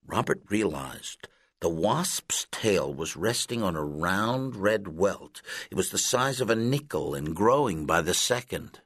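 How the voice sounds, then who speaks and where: A man narrating a children's audiobook in a deliberate, expressive storytelling manner, recorded close on a studio mic. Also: low voice, no room sound.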